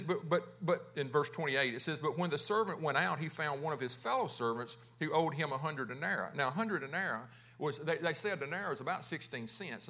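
A man's voice: fairly high pitch, sharp tone. A man preaching a sermon as pastor, talking conversationally, restarting words and putting questions to his congregation.

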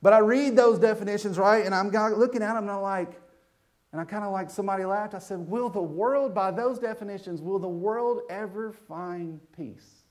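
A man preaching a sermon, joking with the congregation in an animated way. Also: high-pitched, moderate pace.

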